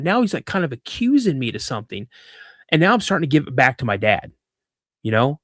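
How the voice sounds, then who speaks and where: A man in his fifties from Washington State, telling a personal story as a podcast guest, animated, acting out the voices in it and often repeating himself. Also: medium pitch, fairly quick, no echo, studio quality. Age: 50s. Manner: repeats words and restarts mid-sentence. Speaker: guest, cryptid researcher.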